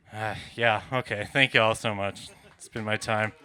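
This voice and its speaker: A man's voice: fairly low pitch, steady tone, moderate pace, pushed and bright, smooth. A man doing a stand-up set, ranting in an exasperated, profane way. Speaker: stand-up comedian. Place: comedy club stage.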